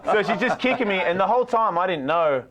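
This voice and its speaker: A man's voice: high voice, lively intonation, fast, a crowd in the background. A man telling a wild anecdote in a casual, profane way, often laughing as he goes.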